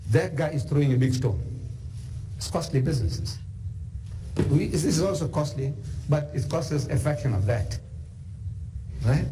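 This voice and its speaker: A South African man giving a storytelling religious lecture, animated and full of conversational asides. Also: on the high side, normal speed, long pauses, noisy background. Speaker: Islamic lecturer.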